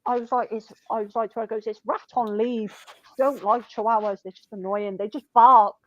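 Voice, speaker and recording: A woman's voice: on the high side, fairly even intonation, a little fast, no room sound, highs cut off. A woman telling blunt, sweary stories about her shop customers in casual chat.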